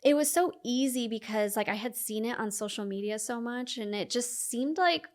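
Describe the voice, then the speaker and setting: A young woman telling her personal story as a podcast guest, talking fast with many fillers and acting out her past self's inner voice. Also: fairly high pitch.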